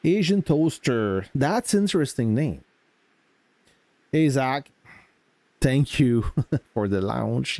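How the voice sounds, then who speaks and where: Unhurried man streaming with a mellow voice. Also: medium pitch, no room sound. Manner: relaxed, greets chat viewers, explains game mechanics. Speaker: game streamer. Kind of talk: casual live-stream chat.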